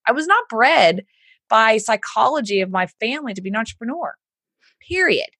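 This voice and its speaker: A woman's voice: on the high side, fairly quick, breathy edge, no room sound. A Southern woman from Houston, a business coach, chatting on a podcast and acting out the people she quotes. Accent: Southern American. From Houston, Texas. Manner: animated storyteller, acts out quoted voices. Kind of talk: casual podcast conversation.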